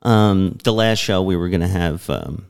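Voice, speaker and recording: A man's voice: low voice, normal speed, vocal fry, smooth. A man co-hosting a podcast, chatty and laughing easily. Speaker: podcast co-host. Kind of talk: casual chat.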